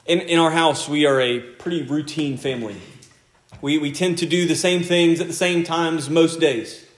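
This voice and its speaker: A man's voice: on the high side, steady tone, moderate pace. A male pastor preaching a sermon in an earnest, conversational way, often repeating key phrases. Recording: echoey room sound.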